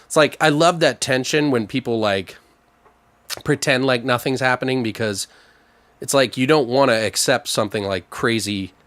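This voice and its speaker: A man in casual podcast chat, tossing out story ideas with lively energy. His voice sits at an ordinary pitch. The recording is close and dry, with no room sound around him. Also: no echo. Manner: animated, quick to act out quoted lines. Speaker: podcast co-host.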